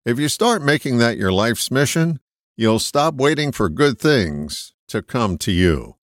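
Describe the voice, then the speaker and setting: A man reading a short reflective essay in a measured, emphatic way. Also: mid-range voice, no echo, clean studio sound. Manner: measured, emphatic, lively intonation. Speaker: host of a short reflective segment. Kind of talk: read personal essay.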